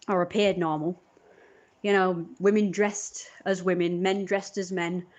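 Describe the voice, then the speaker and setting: A woman's voice: lowish voice, a little mellow, muffled recording. Indignant woman rambling on stream. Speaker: live streamer. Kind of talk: casual live-stream storytelling.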